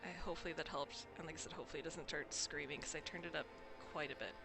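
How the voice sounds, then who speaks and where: A woman's voice: sits low, steady tone, racing, vocal fry, music in the background. A young woman streamer giving casual gameplay commentary in a wry, chatty way, swearing now and then.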